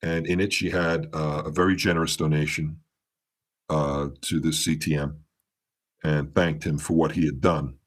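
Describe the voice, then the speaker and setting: A man's voice: rumbling low, flat delivery, normal speed. A man appearing as a podcast guest, telling a long story in a meandering way, restarting sentences and acting out the dialogue. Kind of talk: storytelling in a casual interview.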